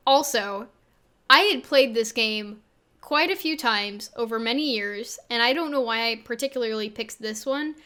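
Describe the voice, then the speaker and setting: A woman with a youthful, slightly high voice reacts to her own old footage. She mocks herself freely and stumbles and restarts often. She speaks into a desk microphone on an arm. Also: pushed and bright. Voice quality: sounds younger than her age. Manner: self-deprecating, halting, many restarts. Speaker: video creator and game developer. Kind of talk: casual reaction commentary. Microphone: Blue Yeti on an arm.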